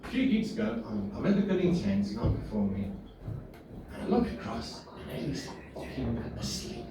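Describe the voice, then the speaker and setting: Man, stand-up comic, lively pitch, self-mocking rambling, echoey distant mic. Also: normal speed, noisy background. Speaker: stand-up comedian. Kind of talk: work-in-progress stand-up set. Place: small pub comedy room.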